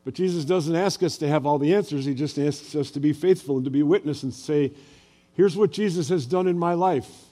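A man's voice: on the high side, a little fast, dark tone. An older man preaching a sermon as a pastor, telling personal stories in a conversational way and asking the audience questions.

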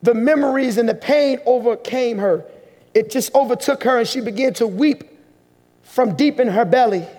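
A male pastor delivers a heartfelt sermon story in a strikingly high voice. He slows down and pauses to let emotional moments settle. The sound rings with long reverb from a church hall. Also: darkish tone.

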